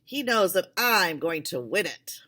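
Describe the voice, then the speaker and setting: Lady doing a loud cocky kid in a storybook, pitches way up, low voice underneath. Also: sing-song, measured pace, full character voice. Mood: boastful. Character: boastful blond boy, food-critic know-it-all.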